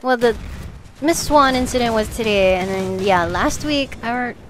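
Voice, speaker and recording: Over faint background music, this gaming commentator speaks a little slowly in a fairly high voice. She's young and casual, laughing her way through anecdotes about her job as she plays.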